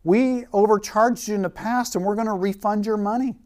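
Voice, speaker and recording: Guy putting on a polite male store supervisor, a bit higher, says sorry. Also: steady tone, brisk, a little mellow, lightly acted. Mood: apologetic. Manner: polite, explaining.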